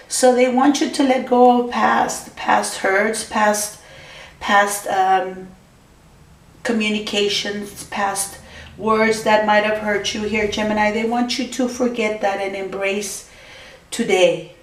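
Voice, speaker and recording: Woman tarot reader for a vlog, gushy and reassuring, mid pitch, echoey room, a little off mic. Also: fairly even intonation, measured pace, distant mic. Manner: keeps addressing the viewer by star sign, gushing and reassuring. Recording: roomy, voice from off the mic.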